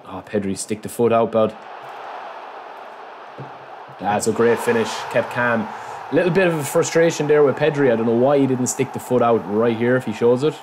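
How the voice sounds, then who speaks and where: Over a noisy background, a mid-range male voice at moderate pace, pausing often, narrates his own football video game match. It's casual let's-play commentary: chatty remarks to viewers, with excited yelps and shouts at the big goal moments.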